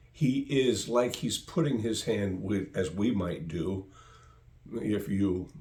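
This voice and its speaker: A male pastor preaching a sermon, emphatic and fond of repeating phrases for stress. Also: on the low side. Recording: roomy echo.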